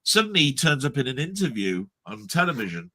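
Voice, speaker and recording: A middle-aged man in casual chat, telling animated stories and acting out his own reactions. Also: medium pitch, fairly quick, no room sound. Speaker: co-host.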